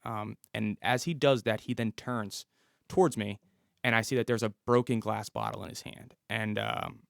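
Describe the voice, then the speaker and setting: A man's voice: on the low side, moderate pace, gravelly, no echo, clean studio sound. A man who was a police officer, a podcast guest telling a story in a casual, matter-of-fact way. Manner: detailed, matter-of-fact retelling.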